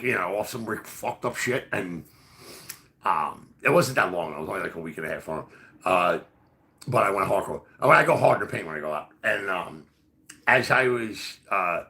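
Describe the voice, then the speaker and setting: Gravelly man telling a rambling story. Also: fairly low pitch, pushed and bright. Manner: profane, rambling, full of fillers. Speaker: podcast host. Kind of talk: casual storytelling.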